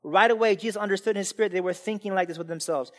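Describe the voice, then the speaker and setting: A man preaching a sermon as pastor, emphatic, swinging between loud preaching and quiet asides. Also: sits high, very fast. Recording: long hall reverb.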